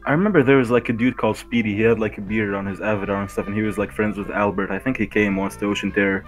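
A man's voice: lowish voice, fairly even intonation, very fast, soft background music. A young man co-hosting a casual stream about his game, laid-back and slangy. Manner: laid-back, slangy, says dude a lot. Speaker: game co-creator.

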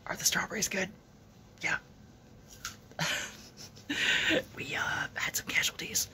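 A woman vlogging at home in a hushed, excited whisper, swearing casually as she shows things off. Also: deep voice, a little slow, long pauses. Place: indoors at home.

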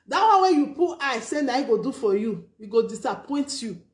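A woman's voice: a little high, very animated, a little fast, echoey room. A Nigerian woman with a Nigerian Pidgin English accent hosting a casual live stream, giving emphatic, preachy advice. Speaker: vlogger and live-stream host.

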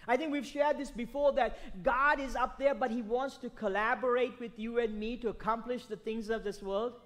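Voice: medium pitch, a bit bright. Conversational preacher asking rhetorical questions. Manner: conversational, repeats phrases, checks in with 'right?'. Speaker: pastor. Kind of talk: sermon.

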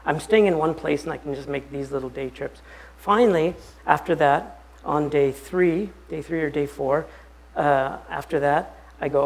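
Husky-voiced pastor telling a story. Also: male voice, a little high, low-quality recording. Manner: anecdotal, animated storytelling. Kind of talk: storytelling in a bible study talk.

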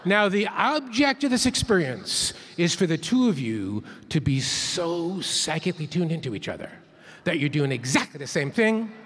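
A man's fairly high, sing-song voice, slightly rough with a fairly bright tone, carries a playful keynote at a moderate pace. In this interactive plenary in a large conference hall, he has the audience count along in call-and-response.

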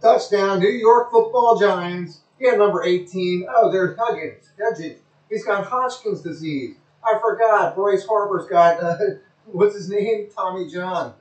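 A man's voice: high-pitched, measured pace, a little mellow, reverberant, low-quality recording. A man giving a rambling, crude, joking play-by-play of a televised football game, repeating himself often. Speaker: amateur commentator.

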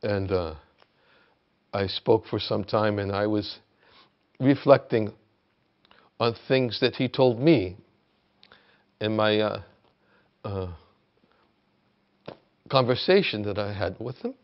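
Gravelly slow-speaking man teacher. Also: on the low side, highs cut off. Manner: halting, restarts often, grows emphatic when retelling. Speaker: spiritual teacher. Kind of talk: reflective spoken talk. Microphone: video call.

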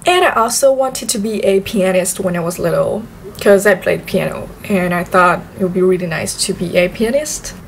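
Young woman, from southern China, Chinese accent, native Chinese speaker, casual vlog chat, mid pitch, repeats words for emphasis. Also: moderate pace, gravelly, a little hiss or hum. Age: young adult. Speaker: vlogger.

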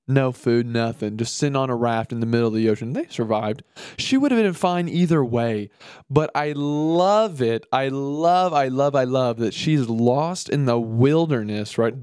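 A podcast host with a medium-pitched male voice rants casually and crudely on his own show, recorded with clean studio sound and no echo. He's profane and animated, mocking things and slipping into silly voices.

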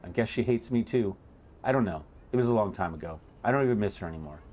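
A man reading the lines of a sad, serious little girl in a video game, quietly and without a put-on child voice. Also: fairly low pitch, lively intonation, quick pace, slight background noise, natural voice. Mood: subdued.

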